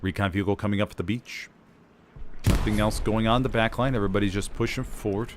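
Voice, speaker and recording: A man's voice: lowish voice, steady tone, fast talker. Man calling a game over gunfire. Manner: self-deprecating, chatty play-by-play. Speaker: esports caster. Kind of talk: live game commentary. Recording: game noise behind the voice. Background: gunfire, artillery and vehicles from the game.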